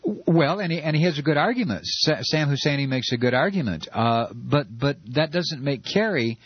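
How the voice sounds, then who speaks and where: An American man hosts a political call-in radio show. His pitch swings widely through heated, sarcastic talk with many fillers. The voice is husky and the sound is dull and dry, like an old radio broadcast. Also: expressive, normal speed, no room sound. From United States. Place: Georgia, United States.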